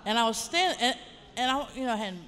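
A woman's voice: fairly high pitch, animated, a little fast, fairly bright tone, big-room sound, slight background noise. A woman in her fifties with a Southern Appalachian accent, frankly telling rambling stories on a panel. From Appalachia, western North Carolina. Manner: frank, rambling, plainspoken, with mild swearing. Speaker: writer and college teacher on a panel. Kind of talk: casual panel storytelling. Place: large lecture hall.

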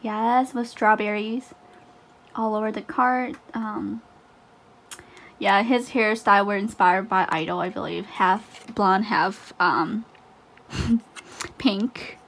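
A woman vlogger chatting casually through an unboxing, gushing and excitable with frequent laughs. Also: mid-range voice, slow, creaky, pauses often.

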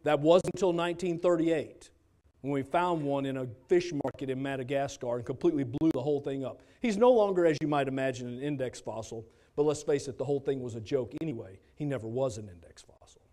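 A man's voice: mid-range voice, quick pace, dark tone. A man giving a teaching talk to a church congregation, conversational and dropping wry asides. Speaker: church speaker.

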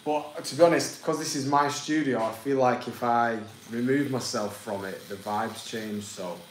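A man's voice: medium pitch, normal speed, echoey room, slight background noise, poor audio. A man with a broad Manchester accent who runs a tattoo studio, talking bluntly and swearing freely in casual chat. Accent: Mancunian.

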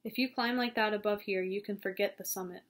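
A woman voicing a stern older male mountain guide who gives curt, forceful orders in an audiobook. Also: medium pitch, steady tone, fairly quick, lightly acted.

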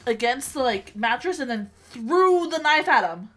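A young woman with a high, bright voice reacts to a video in casual commentary, her pitch leaping around as she gasps and repeats herself. She sounds excitable and quick to exclaim. Faint ambient noise sits behind her.

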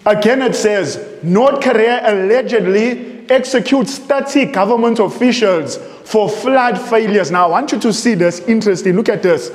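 Emphatic high-voiced preacher in an echoey hall. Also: male voice, normal speed, few pauses. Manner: emphatic, repeats phrases, asks rhetorical questions. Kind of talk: sermon with readings. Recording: echoey room with long reverb.

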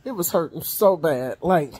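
A woman's voice: deep voice, lively intonation, moderate pace, darkish tone, slightly rough. A middle-aged woman vlogging in a chatty storytelling way, wheezing and coughing as she talks and calling her viewers honey and y'all. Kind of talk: casual storytelling vlog.

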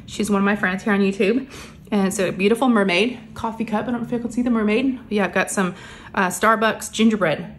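Woman, middle-aged, chatty home crafting vlogger; rambling, a bit short of breath, soft hum behind her. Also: medium pitch, steady tone, fast talker. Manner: chatty, rambling, many fillers. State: a little out of breath, under the weather. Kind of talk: casual chat while crafting. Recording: faint background hum of printers.

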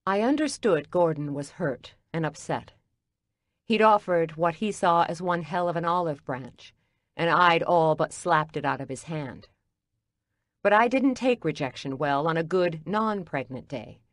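A woman narrating a first-person mystery audiobook in an even, measured way. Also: sits low, no echo, clean studio sound.

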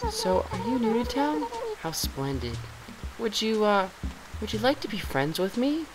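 A man's voice: high-pitched, big pitch swings, measured pace, pitched above the performer's own voice, poor audio. A man voicing a sweet, shy female cat villager in a video game, talking in an eager, gushing, slightly bashful way. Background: loud game music.

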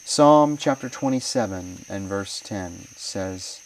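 A man, a minister, reading a moral story aloud in a measured, solemn way. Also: lowish voice, darkish tone, distant mic, slight background noise, low-quality recording.

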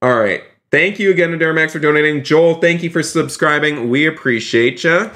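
A man streaming a game live, excitable and gushing with thanks, repeating exclamations and saying he is about to cry. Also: fairly high pitch, brisk. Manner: effusive, gushing thanks to donors.

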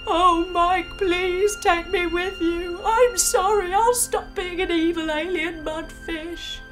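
A woman's voice: very high voice, steady tone, slow, over music, voice pushed up. A woman voicing an evil, self-centred male alien mudfish in a children's yoga story. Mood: pleading.

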